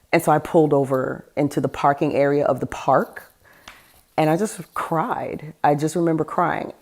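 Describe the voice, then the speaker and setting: A woman with a notably low, deep voice hosts a podcast and tells her own story plainly and openly. She talks in a frank, conversational way and laughs now and then even through the heavy moments. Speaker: podcast host. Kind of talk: candid personal storytelling.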